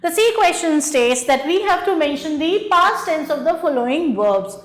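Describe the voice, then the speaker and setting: A woman's voice: high-pitched, animated, normal speed. A woman teacher, patiently walking through a grammar exercise and spelling words letter by letter. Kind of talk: slow spelled-out grammar lesson. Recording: echoey room.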